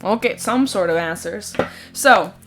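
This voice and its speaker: A woman giving a casual tarot reading in a chatty, expressive way, sometimes giggling and swearing casually. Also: medium pitch, a little slow. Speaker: tarot reader. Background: soft background music.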